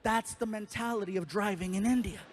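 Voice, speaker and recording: Animated high-voiced stand-up comedian. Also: male voice, brisk, a little hiss or hum. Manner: animated storyteller, acts out voices and sound effects. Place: live comedy stage.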